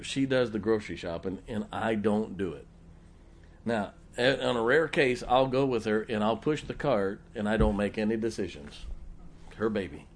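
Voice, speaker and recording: Folksy pastor, man, joking sermon. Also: medium pitch. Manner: folksy, joking and laughing with the congregation.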